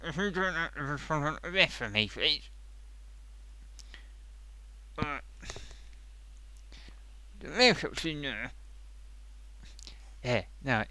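A man's voice: fairly high pitch, takes it slowly, long pauses, heavily acted. A man doing a gushing sock puppet. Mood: excited. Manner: animated, gushing, bumbling. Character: excitable male sock puppet reviewing makeup. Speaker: host. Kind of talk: comic puppet review.

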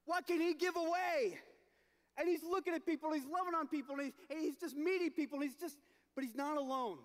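A man telling a story as a dramatic sermon at a youth event, acting it out and shouting at the peaks. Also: extremely high pitch. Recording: long hall reverb.

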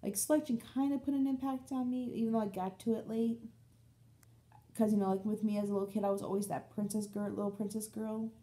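Chatty young woman with a mellow voice. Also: medium pitch, quick pace. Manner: rambling, animated storytelling with acted-out quotes. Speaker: book vlogger. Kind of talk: casual chat.

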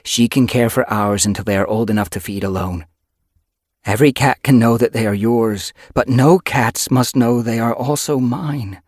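A man's voice: medium pitch, normal speed, darkish tone, no echo, studio quality, voice pushed up, lightly acted. A man voicing a young female medicine cat, speaking with strained emotion and pleading. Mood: resolute.

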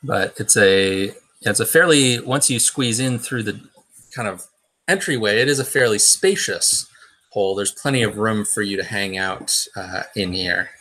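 A man's voice: lowish voice, measured pace, sharp tone. A man narrating a tabletop role-playing game as game master, in a hesitant way with many fillers and restarts.

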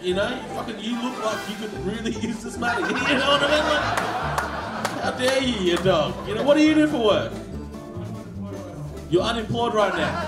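A man's voice: very high voice, lively intonation, moderate pace, long pauses, far from the mic, loud music behind the voice. A man hosting a live comedy show, roasting the crowd with crude, teasing banter and frequent laughter. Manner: sweary, teasing, laughs often. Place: live comedy venue with audience. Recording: echoey room mic from afar, crowd.

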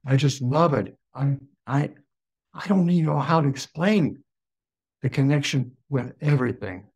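A man with a gravelly, creaky voice recounts a personal experience as a guest. He speaks slowly and in awe, and his voice jumps up when he gets excited. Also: mid-range voice. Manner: slow, wondering delivery with sudden excited rises. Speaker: podcast guest. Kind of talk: personal storytelling.

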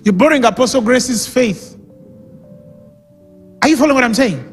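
This pastor's voice is high and creaky, with lively intonation, normal pacing, and frequent pauses. Preaching emphatically, he hammers on key phrases and repeatedly invites the congregation to answer back, while music plays beneath him in an echoing hall.

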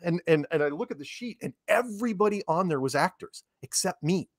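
A man's voice: high voice, expressive, fairly quick, dry recording, studio quality. A man being interviewed, telling chatty anecdotes and laughing as he goes. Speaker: interviewed guest. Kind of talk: casual storytelling interview.

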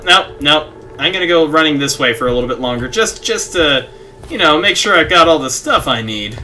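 A man's voice: a little high, expressive, brisk, sharp tone. A young man playing a video game and chatting casually, reading game text aloud and laughing at his own antics. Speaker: gaming streamer. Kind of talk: casual let's play commentary. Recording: faint game music behind.

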